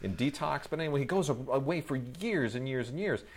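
A middle-aged man reviewing films in casual chat, rambling with many fillers and restarts, breaking into animated outbursts. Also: medium pitch, quick pace. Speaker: film reviewer, co-host.

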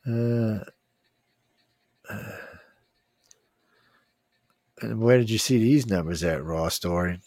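A man's voice: on the low side, slow, pauses often, darkish tone, dry recording, clean studio sound. A man hosting a casual news talk, reading headlines and rambling bluntly with swearing and trailing-off sentences.

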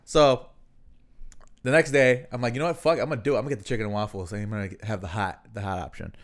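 A man's voice: on the low side, steady tone, quick pace. A man co-hosting a podcast, telling a rambling story in casual chat with plenty of fillers and swearing. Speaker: podcast co-host.

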